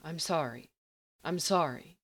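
A woman's voice: low-pitched, measured pace, dry recording. A woman reading a stern, weary male commander in a storybook, speaking in clipped, insistent lines. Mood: remorseful.

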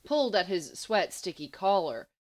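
A woman narrating a story in a steady, even reading voice. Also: mid-range voice, moderate pace. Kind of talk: audiobook fiction reading.

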